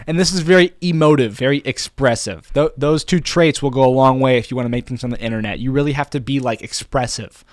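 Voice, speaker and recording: A man's voice: mid-range voice, quick pace, few pauses, no room sound. A young man vlogging casually, thinking aloud in a rambling, playful way. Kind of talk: casual talking to camera.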